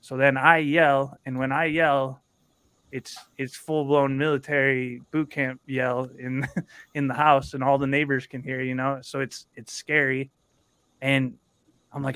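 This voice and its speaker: A man's voice: mid-range voice, little pitch movement, measured pace, a bit bright, clear, resonant tone, dry recording. A man in his thirties, a veteran and father, talking candidly and bluntly on a livestream panel and swearing freely. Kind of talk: casual livestream panel talk.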